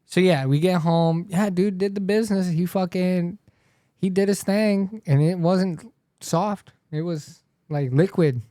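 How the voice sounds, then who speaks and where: Swearing young man with a higher voice. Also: measured pace, warm tone, no echo, clean studio sound. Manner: loose, swears constantly, trails off and restarts. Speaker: podcast co-host. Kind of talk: casual profane storytelling.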